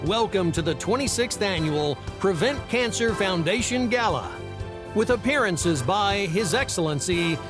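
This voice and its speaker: A man's voice: high voice, pitched above the performer's own voice. A voice actor playing a grand male event announcer in a big showman promo style.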